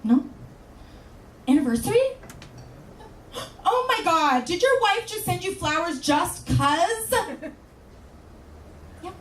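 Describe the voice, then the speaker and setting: A woman voicing gushing female office coworkers in a drawn-out, sugary way. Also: very high-pitched, expressive, a bit bright, slight background noise, voice pushed up, full character voice. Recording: roomy club sound from far off.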